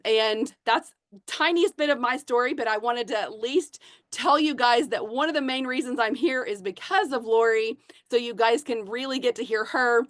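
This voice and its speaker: Brief: bubbly woman leader sharing her story, higher pitch, dry close sound. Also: dry recording. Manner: gushing, chatty, many fillers. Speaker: network marketing leader. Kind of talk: personal testimony to a team.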